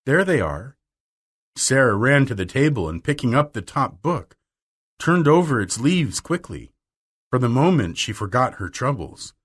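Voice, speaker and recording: A man narrating a storybook audiobook in an expressive, animated reading style. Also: mid-range voice, moderate pace, breathy edge.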